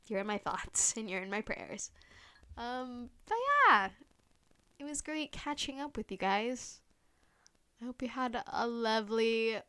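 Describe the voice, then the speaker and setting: A young woman hosts her own solo podcast, chatting casually, gushing and packing in "like" fillers, with playful teasing asides. Her medium-pitched voice has a sharp, clean tone.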